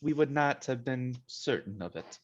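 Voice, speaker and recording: A man's voice: medium pitch, animated, moderate pace, lo-fi sound, close to an everyday voice. A man voicing a courteous spellcaster who speaks formally and apologetically. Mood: formal apology. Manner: stiff, formal, apologetic speech.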